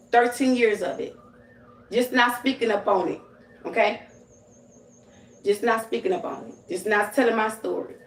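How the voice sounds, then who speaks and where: A woman's voice: a little high, far from the mic. A woman hosting a livestream, talking straight at her viewers in a blunt, profane, scolding rant. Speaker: livestream host. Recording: roomy echo.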